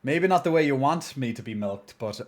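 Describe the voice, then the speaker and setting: At a normal speed and medium pitch, a man with lively intonation jokes around with the people watching his live stream. His speech is loose, with fillers and restarts, and he adopts a mock-solemn voice when dramatizing sad news.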